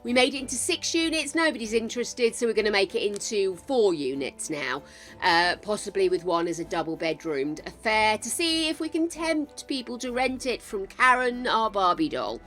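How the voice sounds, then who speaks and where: Older woman, streamer chat, bright tone, full of endearments, faint music underneath. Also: medium pitch, expressive, moderate pace. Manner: chatty, showers viewers with endearments. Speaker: game streamer. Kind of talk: casual live-stream chat.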